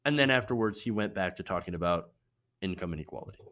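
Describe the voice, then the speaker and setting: A man's voice: deep voice, animated, fast, a bit bright. A man hosting a live political commentary stream, talking emphatically and indignantly and raising his voice to drive points home, then rambling with fillers when speaking off the cuff.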